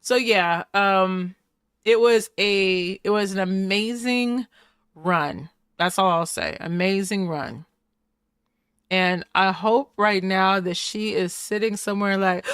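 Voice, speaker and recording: A woman's voice: mid-range voice, slow pace, a bit bright, clear, resonant tone, no room sound. Chatty woman host, dry close sound. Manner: chatty and playful, laughs often, breaks into little voices. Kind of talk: casual recap commentary.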